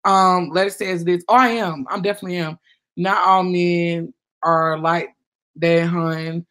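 A woman's voice: lowish voice, fairly even intonation, normal speed, a bit bright. A woman hosting a casual livestream, rambling and chatty as she reads out viewers' comments. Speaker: livestream host.

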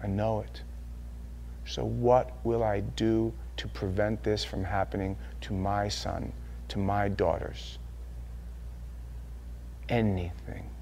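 A male pastor giving an impassioned sermon, swinging from hushed confession to loud emphasis. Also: on the low side, flat delivery, slow, gravelly, slight background noise.

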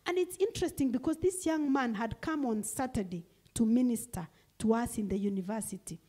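A woman's voice: on the high side, a little fast, mellow. A woman with a Kenyan accent preaching a sermon in church, emphatic and repeating her key phrases. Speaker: guest preacher.

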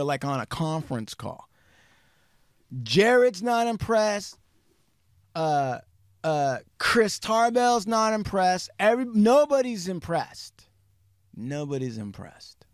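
This high, clear, resonant male voice belongs to a podcast host telling a true crime story casually. He's lively, imitates those he quotes, curses freely, and speeds up and slows down. The recording is dry and studio-clean.

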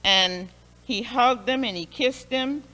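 Brief: woman Sunday school leader, slow and bright, storytelling with emphatic repeats, reverberant church hall. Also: a little high. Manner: expressive, repeats phrases for emphasis. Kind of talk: Bible lesson storytelling.

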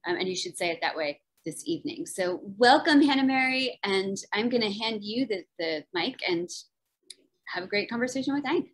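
A woman's voice: mid-range voice, expressive, normal speed, low-quality recording. A woman from New Jersey hosting a virtual book event on a video call, chatty and enthusiastic. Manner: chatty and enthusiastic, lots of fillers. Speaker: event host and moderator.

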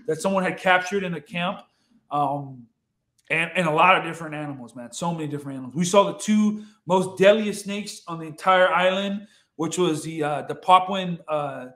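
A man telling a casual story as a podcast guest, excitable, swearing freely and repeating himself as he goes. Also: fairly high pitch, moderate pace. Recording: roomy echo.

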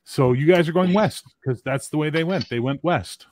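A man's voice: fairly high pitch, normal speed, darkish tone, a little hiss or hum. A man running a tabletop game as game master, narrating scenes loosely and correcting himself as he goes.

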